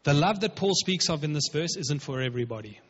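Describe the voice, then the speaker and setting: A man's voice: fairly high pitch, expressive, a little fast, fairly bright tone. Man, pastor, emphatic sermon, conversational, long hall reverb, muffled recording. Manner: emphatic, conversational preaching with acted-out quotes.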